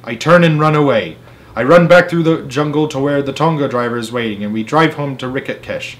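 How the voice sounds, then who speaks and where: A man's voice: mid-range voice, fairly quick. Man reading a story aloud dramatically. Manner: dramatic reading with sudden swings in loudness. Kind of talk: children's story read aloud.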